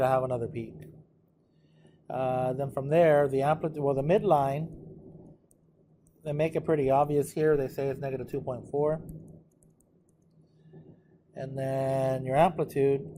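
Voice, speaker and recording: A man's voice: mid-range voice, warm tone, a little hiss or hum. A math teacher casually talking through exam problems for his students, thinking aloud as he works. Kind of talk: recorded exam walkthrough.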